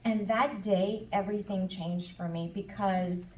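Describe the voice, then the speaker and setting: Medium-pitched and a little mellow, a conference speaker talks at a measured pace in a steady tone as she candidly shares her testimony, acting out past dialogue and her inner voice. The hall echoes, she sounds distant, and there's slight background noise.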